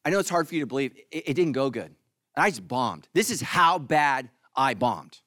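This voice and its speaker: A man preaching a sermon as pastor, animated and joking, acting out the congregation in mock voices. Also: mid-range voice, fairly quick, no room sound, clean studio sound.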